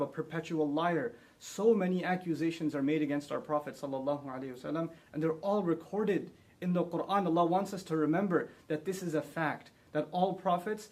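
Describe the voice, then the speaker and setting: A man giving a short religious talk, rising into emphatic delivery on key points and murmuring honorifics quickly under his breath. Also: fairly high pitch, darkish tone. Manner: builds to emphatic, rising delivery when quoting scripture. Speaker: Islamic speaker.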